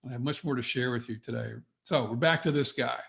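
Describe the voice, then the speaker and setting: A middle-aged man coaching business owners on a webinar, talking straight to his audience in an energetic, motivational way. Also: mid-range voice, a little fast, vocal fry. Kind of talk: webinar presentation.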